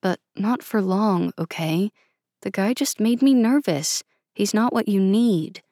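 A woman reading aloud and voicing a cocky, teasing young man with a low, drawling manner. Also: unhurried, mellow, no room sound, clean studio sound, lightly acted. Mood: defensive.

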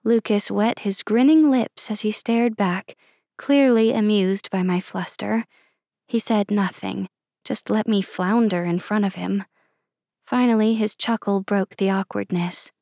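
A woman reading first-person fiction aloud, measured and expressive. She reads at a slow, deliberate pace in a middle pitch. The recording is close and dry. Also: no echo. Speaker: audiobook narrator.

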